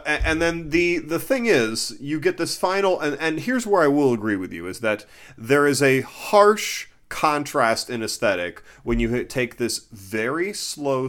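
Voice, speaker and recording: A man co-hosting a casual movie discussion, swearing freely and acting out scenes as he talks. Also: medium pitch. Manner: animated, swearing, acts out scenes.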